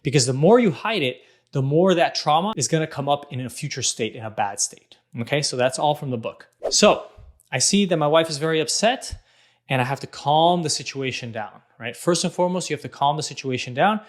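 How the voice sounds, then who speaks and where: Man, 30s, fairly high voice, earnest storyteller hosting a casual parenting vlog. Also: animated, brisk.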